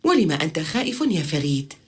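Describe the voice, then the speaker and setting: Dubbed cartoon mom, tender and questioning, rapid lively delivery. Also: female voice, low voice. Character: cartoon mother speaking to her small son.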